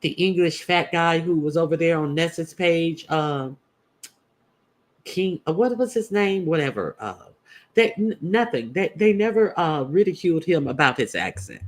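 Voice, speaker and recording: A slightly high-voiced man giving casual opinion commentary to his viewers. He is blunt and swears freely, stopping and restarting with lots of "uh" fillers between his points. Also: lively intonation. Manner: blunt and profane, halting with many "uh" fillers. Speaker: YouTube commentator host.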